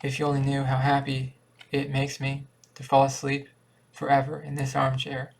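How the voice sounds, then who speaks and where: A man reading as a gentle dying old uncle. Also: medium pitch, monotone, moderate pace, vocal fry. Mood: tender.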